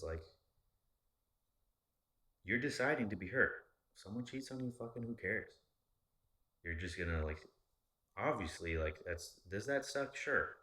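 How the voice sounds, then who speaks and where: Deep-voiced, profane man rambling casually. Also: sharp tone. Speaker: podcast host. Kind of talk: casual chat.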